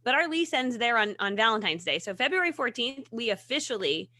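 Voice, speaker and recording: A woman's voice: a little high, sing-song, brisk, sharp tone, no echo, studio quality. A woman talking as a guest author, chatty and telling stories with frequent laughs. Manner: chatty, laughs often, storytelling. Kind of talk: casual chat.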